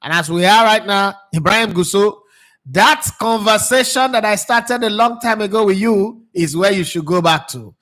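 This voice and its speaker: A Nigerian man with a Nigerian accent hosts a casual football talk show. His voice sits a little high, and he swings in and out of Pidgin with lively, laughing energy. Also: moderate pace. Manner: animated, mixes Pidgin with English, laughs often. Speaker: sports show host.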